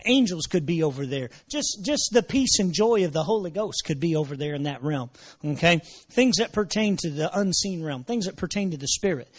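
A man preaching a sermon, repeating his phrases and dropping in praise exclamations, moving from low murmurs to shouted emphasis. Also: lively intonation, a little fast, hardly any pauses. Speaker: pastor.

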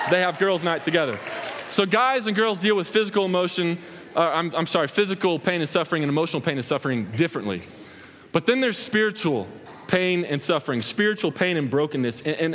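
A young man preaching a sermon in a large hall, acting out scenes as he tells stories. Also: a little high. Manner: animated storytelling, acts out scenes with hand gestures. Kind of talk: sermon with acted-out examples. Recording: long hall reverb.

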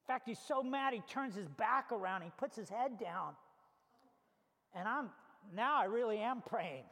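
A male pastor with a strikingly high voice tells a story from the pulpit in an animated, chatty way. His voice rings with the long reverb of a big hall. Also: normal speed, gravelly. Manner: animated, conversational, with casual fillers. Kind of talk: storytelling sermon.

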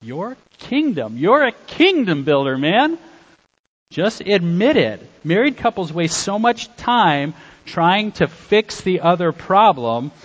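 Slow, emphatic male preacher. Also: high-pitched, very animated, highs cut off. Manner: emphatic preaching, swings between loud exhortation and quiet asides. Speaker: pastor. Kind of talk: sermon.

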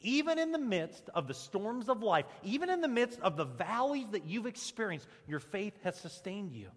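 A male pastor preaching a conversational, animated sermon and leading the congregation in repeating lines. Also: high voice, moderate pace. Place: church sanctuary. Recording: long reverb of a church hall.

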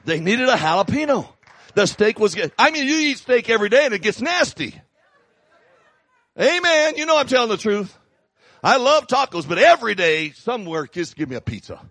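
A middle-aged man, a pastor, preaching a sermon with animated, humorous storytelling. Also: sits high, normal speed, no echo.

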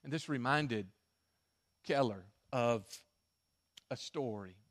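A male pastor preaches and tells a story, his delivery swinging between emphatic passages and hushed ones. He speaks slowly at a medium pitch.

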